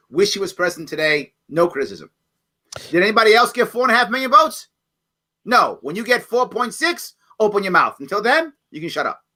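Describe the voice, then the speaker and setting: A man's voice: high voice, pushed and bright. A man talking bluntly and emphatically as a candidate in an online question session over a video call. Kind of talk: lively campaign talk.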